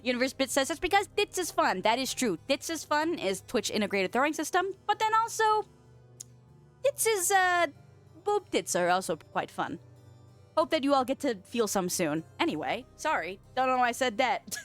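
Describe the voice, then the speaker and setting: A young woman streamer chatting casually with her viewers, playful and giggly, swearing freely and yelping in a squeaky voice. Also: sing-song, fairly quick, faint music behind. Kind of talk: casual chat reading viewer messages. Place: home office.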